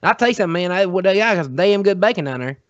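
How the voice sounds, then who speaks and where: A man's voice: high voice, animated, very fast, dry recording, highs cut off. A man voicing a folksy, rambling Southern good-ol'-boy with a thick Southern accent.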